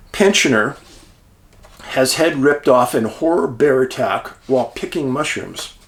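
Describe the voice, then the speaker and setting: A man hosting his show, talking in a folksy, chatty way straight to his viewers. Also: medium pitch. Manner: folksy, chatty, addresses listeners as friends. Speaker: show host. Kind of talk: casual monologue.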